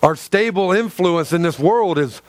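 Preaching in church with a high voice, this man is passionate and repeats himself, dramatizing quotations while shifting from loud to quiet. He speaks unhurriedly, and there's no echo.

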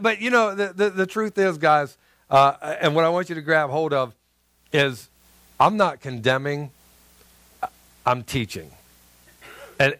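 Earnest pastor preaching, dry close sound. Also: male voice, on the high side, fairly bright tone, clean tone, no room sound. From American South. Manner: earnest, repeats words, addresses the crowd as guys. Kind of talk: sermon.

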